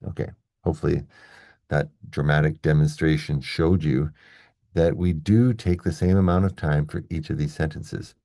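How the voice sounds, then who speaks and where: Low gravelly guy teaching english, keeps asking "okay?", dry close sound. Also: steady tone, moderate pace, mellow, no echo. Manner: explains step by step, checks in with "okay?" and "right?". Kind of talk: classroom-style video lesson.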